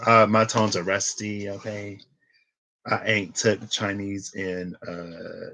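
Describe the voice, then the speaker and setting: A man's voice: fairly low pitch, expressive, slow, a bit bright, slight background noise, poor audio. A man in his twenties giving a casual tarot reading, chatty and rambling off into tangents. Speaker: tarot reader.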